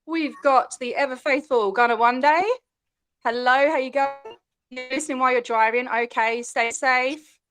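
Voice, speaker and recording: An Australian woman from Western Australia hosting a casual livestream, bubbly, chatty and quick to laugh. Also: sits high, fairly even intonation, fairly bright tone, dry recording, soft background music. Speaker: livestream host.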